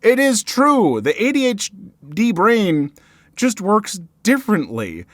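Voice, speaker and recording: A man's voice: high voice, takes it slowly, no echo. A man in his thirties hosting a story show, chatting casually about viewer stories with plenty of fillers and restarts. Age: 30s. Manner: animated, with frequent fillers and self-corrections. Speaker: host reading and reacting to viewer stories.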